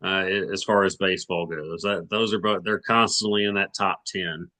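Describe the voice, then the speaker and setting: Low, bright-toned rambling man. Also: steady tone, normal speed. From Arkansas. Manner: rambling, many restarts and hedges. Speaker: sports podcast co-host. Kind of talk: casual sports chat.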